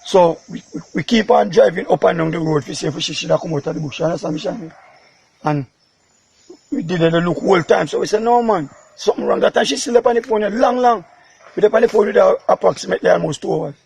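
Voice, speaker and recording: Gravelly Jamaican father, rambling. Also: sits high, fast talker, darkish tone, a little hiss or hum. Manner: rambling, emotional retelling in patois. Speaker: father of a missing woman. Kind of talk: interview.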